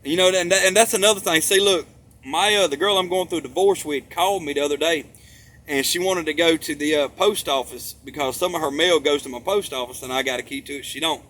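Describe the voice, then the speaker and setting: A man's voice: a little high, brisk, fairly bright tone. A man talking in a rambling monologue, emphatic and profane, repeating himself for stress.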